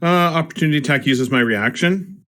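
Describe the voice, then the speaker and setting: A man playing a tabletop game online, calmly spelling out his moves one step at a time. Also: on the high side, brisk. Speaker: player.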